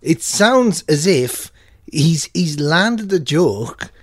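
Podcast co-host, male; playful, acts out lines, slightly high pitch. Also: sing-song, very slow, slightly rough, no room sound, clean studio sound. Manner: jokey, acts out bits of dialogue. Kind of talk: casual chat.

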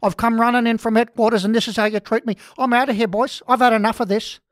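A woman's voice: a little high, fairly even intonation, fast, no echo, studio quality, lightly acted. A woman with an Australian accent playing a breathless, touchy male rugby league journalist who rambles and stumbles over his words. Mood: blustering. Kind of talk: comedy sketch.

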